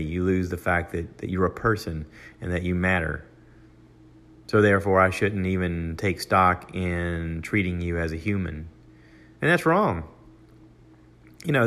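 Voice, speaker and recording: An older American man hosting a podcast alone, talking casually with many fillers and restarts, and raising his voice when he acts out what other people said. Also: fairly bright tone. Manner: acts out quoted voices in a raised pitch. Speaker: podcast host. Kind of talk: casual solo monologue.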